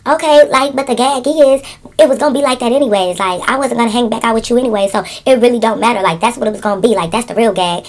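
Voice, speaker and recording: A woman's voice: on the high side, fast talker, pitched above the performer's own voice, close to an everyday voice. A woman voicing a defensive, huffy young woman friend in a whiny, defensive way. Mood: snippy.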